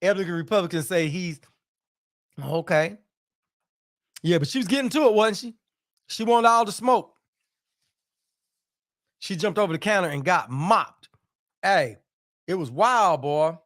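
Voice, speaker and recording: A man with a high voice talks loosely with his live-stream viewers, throwing out slang and short asides. He greets people by name and keeps up relaxed banter. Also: unhurried, pauses often. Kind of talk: casual live-stream chat.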